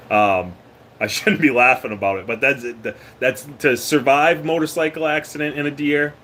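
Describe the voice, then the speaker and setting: Chatting casually with his livestream viewers, this host from Maine jokes, laughs frequently and lets his sentences fade out. He speaks at medium pitch with a measured pace and frequent pauses, his tone fairly bright, with a little hiss or hum in the recording.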